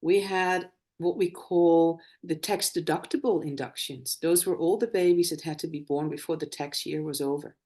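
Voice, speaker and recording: A middle-aged woman, a former nurse and birth educator, talking in a live conversation and telling lively stories from her practice. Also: deep voice, normal speed, hardly any pauses. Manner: animated storytelling, acts out quoted dialogue.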